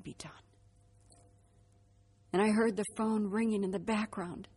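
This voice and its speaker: A middle-aged woman telling her personal faith testimony as a vivid storyteller, acting out the dialogue and dropping to a hushed voice at reflective moments. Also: mid-range voice, breathy edge. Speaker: speaker giving a faith testimony.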